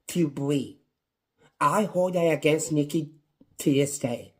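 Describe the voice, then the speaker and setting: A man's voice: fairly high pitch, slow pace. A man reviewing a wrestling show on his own, in a passionate, repetitive rant. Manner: impassioned, ranting, repetitive. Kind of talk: casual solo review.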